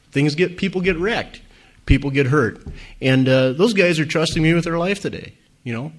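Man, thirties, earnest testimony, plain talk with fillers, slightly high voice. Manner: earnest, conversational, many fillers. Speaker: speaker at a recovery meeting. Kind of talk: personal testimony to an audience.

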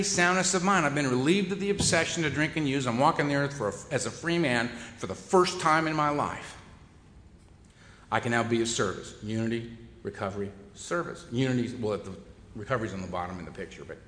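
This man speaks at medium pitch with a brisk pace and a fairly bright tone, over a little hiss or hum. Telling the audience the funny tale of his recovery, he stays conversational, wry and self-deprecating, and the hall adds echoey reverb.

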